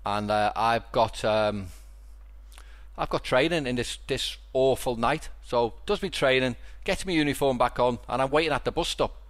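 A man's voice: mid-range voice, normal speed, a bit bright. Liverpudlian man telling a rambling story. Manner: rambling storyteller with many restarts. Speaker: podcast host. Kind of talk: casual chat.

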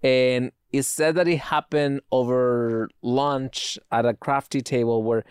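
A man's voice: mid-range voice, steady tone, takes it slowly, clear, resonant tone, no room sound, clean studio sound. A man with a noticeable foreign accent talking earnestly in a casual chat as a podcast guest, often stumbling and repeating words.

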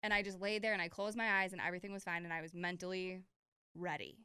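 A young woman co-hosting a casual chat, telling a story with lively acted-out quotes. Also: fast talker, clear, resonant tone, dry recording, clean studio sound. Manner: animated storyteller, acts out quotes with big pitch jumps.

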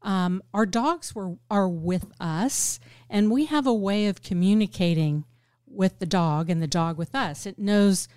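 A woman hosting a podcast, asking questions gently and affirming her guest. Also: medium pitch, measured pace, smooth, no room sound, clean studio sound. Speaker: podcast host. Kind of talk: interview.

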